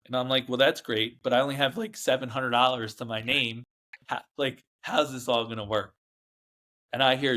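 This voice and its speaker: This interview guest, a man, recalls his history in a meandering, emphatic style and acts out quoted dialogue as he goes. Pitch is medium and speed normal, with a pushed, bright quality. The talk is candid storytelling.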